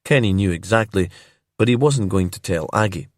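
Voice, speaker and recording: A man narrating a crime story in a calm, slow and immersive storytelling manner. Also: low-pitched, no room sound, clean studio sound.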